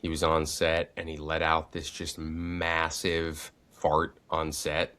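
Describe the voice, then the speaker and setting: A man's voice: rumbling low, monotone, slow pace, bright, forceful tone, clean tone. A man hosting a casual podcast chat, telling loose stories. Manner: loose storyteller, does funny voices. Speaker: podcast host.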